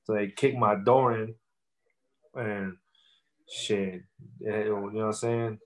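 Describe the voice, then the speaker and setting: A man's voice: on the low side, fairly even intonation, slow pace, rough recording. Laid-back young man rapper, slangy talk. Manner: loose slang-heavy street talk, many fillers. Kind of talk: casual interview storytelling.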